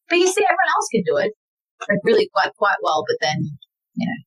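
A woman's voice: on the high side, wildly swooping pitch, moderate pace, slightly rough, poor audio. A young Australian woman, a band's singer and guitarist, chatting in an interview in a rambling, self-mocking way, laughing often and acting out what people said. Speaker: band vocalist and guitarist. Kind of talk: casual interview chat.

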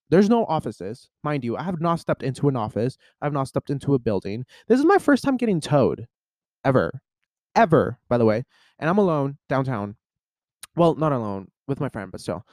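Young male podcast host, chatty storyteller, lively up-and-down delivery, dry close sound. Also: medium pitch, dry recording. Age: 20s. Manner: chatty, animated, lots of filler "like". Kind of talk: casual storytelling.

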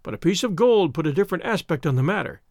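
A man reading an adventure novel aloud as an audiobook narrator. His voice sits fairly high and moves a lot, and the recording is dry and close, with no room sound. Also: lively intonation, fast talker, a little mellow, no room sound. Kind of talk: scripted narration.

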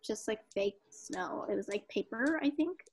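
A woman's voice: medium pitch, lively intonation, normal speed, crowd noise. A young woman telling stories as a podcast guest, chatty and giggly, full of "like". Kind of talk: casual storytelling.

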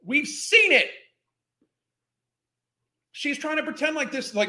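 High, bright, swearing angry man. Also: big pitch swings, slow pace, long pauses. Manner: angry, mocking, heavy swearing. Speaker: commentary host. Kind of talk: profane ranting commentary. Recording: echoey room.

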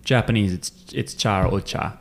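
A man's voice: on the low side, normal speed, crowd noise. A man, co-hosting a casual chat podcast, recapping an anime episode with many ums and restarts.

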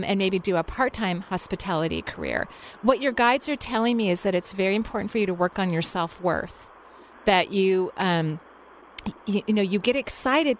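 A woman hosting a call-in radio show, giving a caller gentle intuitive career guidance with an encouraging, unhurried manner. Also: medium pitch, slight background noise. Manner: soothing, encouraging, unhurried with many fillers.

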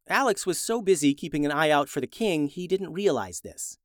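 Male narrator for a kids' adventure story, slightly high voice, lively, close dry sound. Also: brisk, few pauses, no echo.

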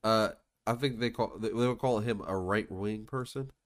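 A man's voice: on the low side, normal speed, dry recording. A man co-hosting a podcast in casual chat, telling stories loosely and cursing freely. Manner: loose, profane storytelling. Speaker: podcast co-host.

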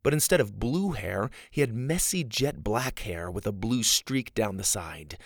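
Gravelly, unhurried male storyteller. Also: lowish voice, lively intonation, no echo, clean studio sound. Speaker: narrator. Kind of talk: audiobook narration.

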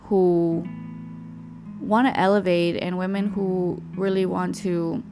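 A woman's voice: fairly low pitch, fairly even intonation, slow. Blunt, profane young woman over guitar music. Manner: blunt, slangy, profane storytelling. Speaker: podcast host. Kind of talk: casual solo podcast monologue. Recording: guitar music playing under the voice.

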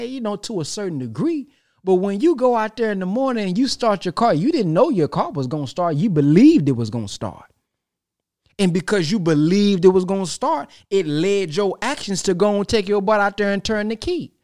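A man preaches in a loose, conversational way, full of everyday examples and rhetorical questions. His voice sits slightly high for a man, and he leans hard on key words. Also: animated, normal speed, a little mellow. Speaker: podcast host giving a spiritual talk. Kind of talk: spiritual talk, casual preaching.

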